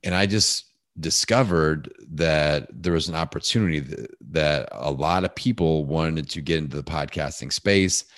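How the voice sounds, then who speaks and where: A man with a big, deep voice, talking casually as a guest in a podcast interview and telling animated stories. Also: normal speed, no echo, clean studio sound. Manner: animated storyteller, acts out voices.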